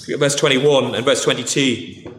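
A man's voice: medium pitch, fairly even intonation, moderate pace, a little hiss or hum. A man with a posh English accent preaching a sermon in a conversational way, often restarting and saying "okay". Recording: echoey hall.

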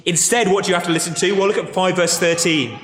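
A man's voice: high voice, fast, fairly bright tone. Earnest male preacher in an echoey hall. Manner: earnest, emphatic repetition. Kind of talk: sermon with closing prayer. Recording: echoey hall with faint noise.

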